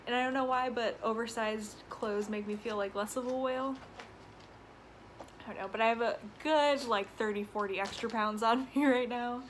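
A woman's voice: fairly high pitch, steady tone, moderate pace, a little hiss or hum, low-quality recording. A woman hosting her own podcast from her apartment, chatting casually and rambling, often laughing, out of breath and stuffy from allergies. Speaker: podcast host. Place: home apartment with windows open.

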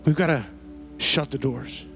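A man preaching a sermon to a church congregation, telling a lively story and using casual slang. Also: medium pitch, measured pace, soft background music. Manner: storytelling, animated, slangy asides. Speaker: pastor. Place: church service before a congregation.

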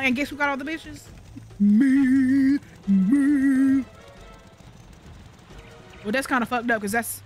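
A woman's voice: on the high side, a bit bright. A woman hosting a gaming channel, giving profane, joking let's-play commentary and talking back to the game characters.

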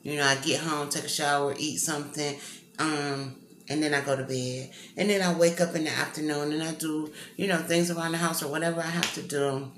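Chatty woman vlogging in a dark kitchen. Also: low-pitched, steady tone, brisk, slight background noise. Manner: rambling, talks directly to viewers as "y'all". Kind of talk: casual chatty vlog. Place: kitchen at a workplace, lights off. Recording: echoey room with faint background ambience.

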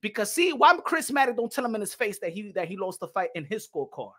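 A man's voice: high voice, big pitch swings, quick pace, bright, forceful tone. A man from New York ranting heatedly as a boxing commentator, switching between English and Spanish in a mocking way. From New York City.

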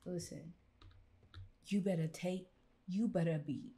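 A young woman, reacting loudly and profanely while playing a horror game. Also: fairly low pitch, steady tone, slow pace. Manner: loud, profane, exasperated reactions. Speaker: gaming YouTuber.

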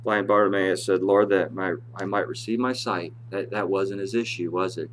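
A male pastor preaching a sermon in church, reading scripture aloud in a rising voice and dropping low to explain it. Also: fairly even intonation, moderate pace, a bit bright, a little hiss or hum.

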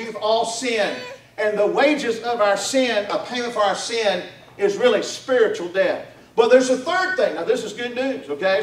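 A man's voice: sits high, a little hiss or hum. A man presents the gospel to families, using call-and-response and folksy rhetorical questions. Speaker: mission director preaching. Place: church hall at a Christmas party. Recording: echoey room, far from mic.

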